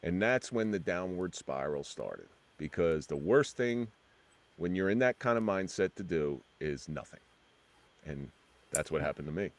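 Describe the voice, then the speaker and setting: A middle-aged man, a former police officer, telling his story in an interview in an earnest, halting way with many restarts. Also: deep voice, animated.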